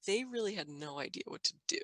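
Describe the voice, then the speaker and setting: A woman's voice: mid-range voice, expressive, fast, a bit bright, no room sound. A woman telling her own story on a podcast, casual and chatty with lots of fillers. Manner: chatty, frequent fillers and laughter. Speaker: podcast guest, mother.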